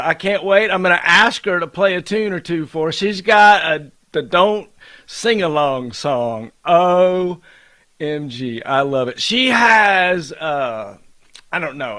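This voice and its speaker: An American man hosting a casual livestream chat, excited and rambling with many fillers. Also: on the high side, takes it slowly. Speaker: host.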